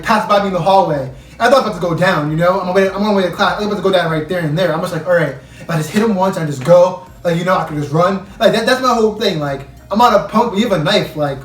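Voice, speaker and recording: Rambling high-voiced young man telling a story. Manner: rambling, heavy use of "like", slangy. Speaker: storyteller vlogger. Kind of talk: casual story time. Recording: echoey room, mic at a distance.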